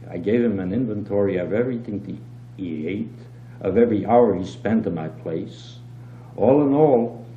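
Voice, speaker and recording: Older male story reader, lively, low and mellow, on a dull roomy home tape with hum. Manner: lively storyteller, brisk and dropping low on asides. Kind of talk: reading a short story aloud.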